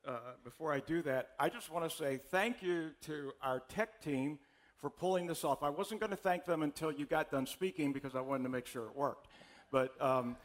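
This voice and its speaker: A pastor speaking casually to his church, enthusiastic and grateful, stumbling and repeating words. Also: fairly high pitch.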